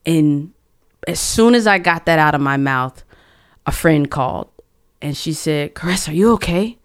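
A young woman with a low, smooth, clear voice tells a deeply personal story as a guest on a conversation podcast. She speaks earnestly and with feeling, trailing off, restarting phrases and searching for her words. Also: lively intonation, a little slow. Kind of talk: conversational testimony.

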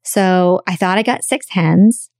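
A woman telling a personal story in a chatty, animated way, acting out the voices of people she quotes. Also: lowish voice, takes it slowly, no room sound, studio quality.

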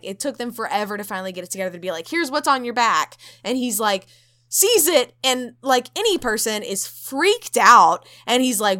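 A young adult woman co-hosting a podcast, casually retelling a story and acting out the quotes with loud jumps in pitch. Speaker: podcast co-host.

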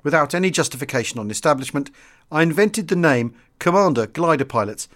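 A man narrating a wartime memoir as an audiobook reader, in a measured, formal storytelling manner. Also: fairly high pitch, lively intonation, fairly bright tone.

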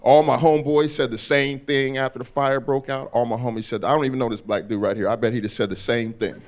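A man performing a stand-up comedy set on a club stage, animated and acting out characters. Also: medium pitch, fast, few pauses.

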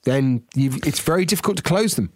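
A man's voice: mid-range voice, lively intonation, brisk, dry recording, studio quality. A middle-aged man, chatting as a podcast co-host and telling stories about himself with many restarts and a self-mocking tone. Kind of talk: casual chat.

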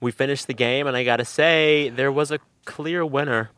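A man's voice: medium pitch, fairly even intonation, a bit bright, clean tone, dry recording. Chatty male radio host, dry sound. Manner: chatty, quick to laugh. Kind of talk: conversational interview. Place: at home.

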